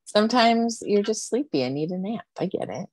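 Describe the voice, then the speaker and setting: A woman hosting a casual podcast, asking questions in a relaxed way, full of fillers. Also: mid-range voice, fairly quick, dry recording. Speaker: podcast host.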